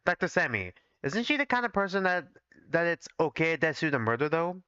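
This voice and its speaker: Scheming protective doctor, voiced by a man, coaxing and calm about murder, dull dry audio. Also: a little high, brisk, clean tone, no room sound. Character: scheming male doctor, protective older-brother type.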